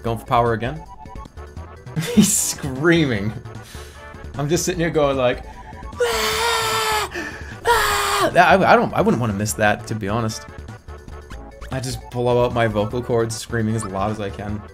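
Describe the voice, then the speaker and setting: A man streaming a video game, talking to chat in an animated way with sudden yelps and casual swearing. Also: mid-range voice, normal speed, long pauses. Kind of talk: live gaming stream commentary. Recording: game music in background.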